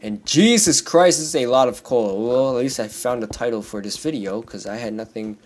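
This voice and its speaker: A teenage boy with a hoarse voice from screaming, chatting and rambling while playing a block-building game, yelping when scared. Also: medium pitch, fairly even intonation, brisk, a little mellow. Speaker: gaming YouTuber. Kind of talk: Minecraft let's play commentary.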